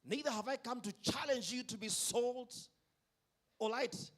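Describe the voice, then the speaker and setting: At a concert venue, a man with a very high, fairly bright voice preaches a sermon. He's emphatic, stretching out key words and getting the audience to repeat lines back to him.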